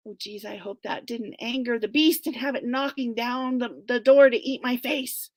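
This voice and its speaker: A woman guest author giving an animated, expressive reading from her own novel, with some whispered asides, over a video call. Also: on the high side, moderate pace, hardly any pauses, no echo.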